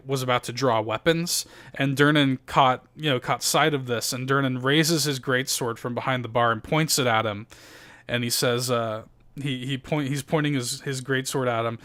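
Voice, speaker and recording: This man is game master of a tabletop game. He narrates in a loose, rambling way, with many fillers and restarts and casual swearing. His voice sits at an ordinary middle pitch. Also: fairly even intonation, moderate pace, a bit bright.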